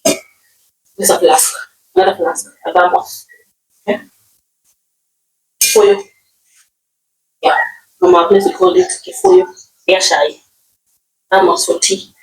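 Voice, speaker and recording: A Kenyan woman teaches household words at home, her voice swooping up and down in a lively way with a gravelly edge. She repeats each word and keeps checking in with "okay?". The mic sits some way off, so the sound is roomy. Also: very high voice, takes it slowly, long pauses, far from the mic. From Nyeri, Kenya. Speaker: language teacher. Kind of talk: casual vocabulary lesson.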